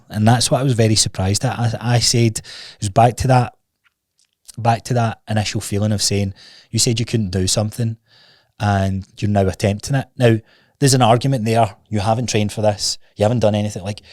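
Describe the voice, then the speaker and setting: A man's voice: lowish voice, fairly even intonation, fairly quick, darkish tone, no room sound, studio quality. A man hosting his own podcast, telling a personal story in a candid, rambling way, restarting sentences and swearing casually. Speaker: podcast host. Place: recording studio.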